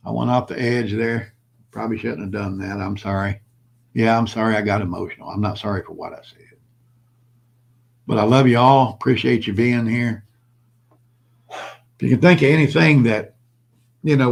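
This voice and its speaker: A man's voice: mid-range voice, creaky. An older man hosting his own vlog, talking bluntly and preachily to his viewers and repeating his points. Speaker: prepper channel host. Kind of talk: impassioned solo vlog monologue.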